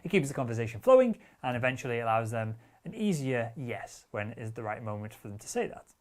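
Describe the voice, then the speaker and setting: A man's voice: medium pitch, sing-song, fast. Direct, assertive male sales coach. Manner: casual wording with the odd curse. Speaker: sales trainer. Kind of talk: instructional talk.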